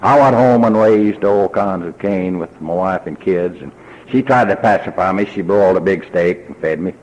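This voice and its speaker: A man's voice: low voice, moderate pace, darkish tone, lo-fi sound, slight background noise. An older man with a Texan accent giving a personal testimony at a recovery convention, telling his story in a folksy way and acting out remembered dialogue. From Texas.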